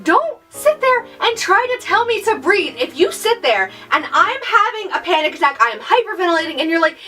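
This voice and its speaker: A young woman ranting in a casual vlog, exasperated and sarcastic, mocking others in high voices. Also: big pitch swings, fairly quick, few pauses, pushed and bright, recorded from a distance, faint music behind. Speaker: YouTuber.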